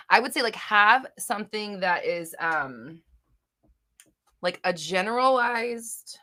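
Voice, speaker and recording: Her voice is medium-pitched, bright and expressive, with a forceful tone and a slow pace. At home on a desk microphone, the young woman hosts a live Q&A, chattily reading viewers' comments aloud between giggles, fillers and the odd curse word.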